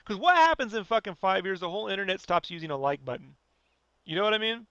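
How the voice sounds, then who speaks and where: A man's voice: high voice, lively intonation, fast talker, fairly bright tone, clean tone, dry recording, muffled recording. A man hosting a podcast, ranting in a blunt, profane, rambling way and leaning on "you know" constantly. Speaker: podcast host. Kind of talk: casual podcast rant.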